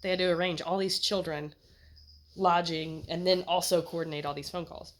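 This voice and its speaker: A young American woman telling a personal story in a chatty, animated way, laughing as she goes. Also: on the low side, normal speed. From United States. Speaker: vlogger. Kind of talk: casual storytelling.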